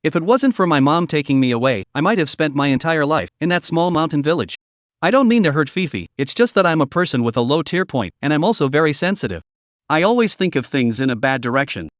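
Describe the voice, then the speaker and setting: A man's voice: a little high, big pitch swings, fast talker, dry recording, studio quality. A man voicing a timid, tearful young woman who keeps pleading and apologizing.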